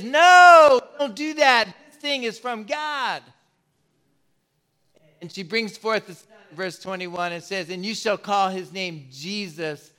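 A man's voice: high voice, pushed and bright, clear, resonant tone. A man preaching a sermon as pastor, emphatic and given to repeating words as he builds his points. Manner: emphatic, repeats words, acts out quoted voices.

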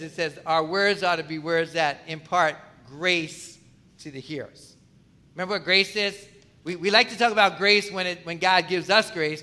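A man's voice: high voice, pushed and bright. A man preaching a sermon in a conversational way, often asking the congregation questions. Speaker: pastor.

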